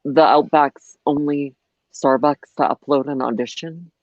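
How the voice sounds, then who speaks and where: A man co-hosting a casual chat show, making wry, deadpan quips. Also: on the high side, measured pace, no room sound. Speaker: podcast co-host. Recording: dry dull lo-fi audio.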